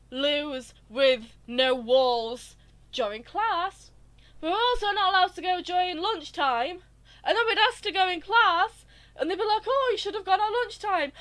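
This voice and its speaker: A woman ranting through a headset during her live game stream, exasperated and animated. Her voice is high and bright, and it swings widely in pitch as she gets worked up. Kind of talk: live gaming stream commentary.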